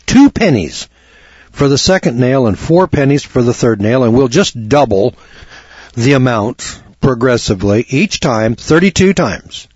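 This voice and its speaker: A man voicing a sly, friendly farrier making a coaxing sales pitch to a boy, a little higher than his own voice. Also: lively intonation, unhurried, a little mellow, breathy edge, no echo, lo-fi sound.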